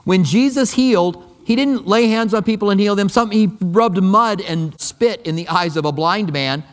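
A man's voice: sits high, moderate pace. A pastor preaching a sermon in a conversational, emphatic way, often repeating his key phrases. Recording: long reverb of a large hall.

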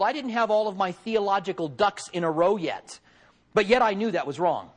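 A middle-aged pastor giving a conversational sermon, folksy, with joking asides to the congregation. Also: male voice, high voice, lively intonation, fairly quick.

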